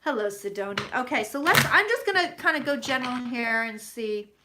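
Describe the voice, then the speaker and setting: A woman's voice: on the high side, big pitch swings, brisk, very noisy. A woman hosting a casual live-stream tarot reading, chatty and profane, greeting viewers by name as she talks. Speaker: psychic tarot reader.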